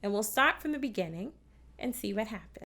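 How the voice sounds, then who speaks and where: Speaking at a medium pitch, a woman delivers an opera lesson for children on a TV show, her voice expressive, brisk, pushed and bright. She encourages the kids watching from home and keeps a patient tone throughout.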